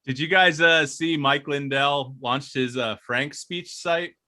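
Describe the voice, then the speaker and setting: A man's voice: on the high side, unhurried, sharp tone. A young man co-hosting a podcast, telling a rambling story with frequent laughs and swearing. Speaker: podcast co-host. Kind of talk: casual podcast banter.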